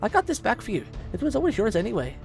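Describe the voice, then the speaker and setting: A man voicing a gruff, protective old blacksmith who talks brusquely and urgently. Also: high-pitched, huge pitch swings, very fast, faint music behind, pitched above the performer's own voice, exaggerated voice.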